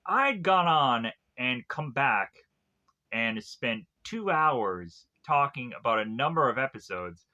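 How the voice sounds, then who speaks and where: Rambling man with a bright voice. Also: mid-range voice, big pitch swings, takes it slowly, highs cut off. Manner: meandering, heavy use of fillers and restarts. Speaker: TV series reviewer. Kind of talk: rambling casual review. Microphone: tablet recording.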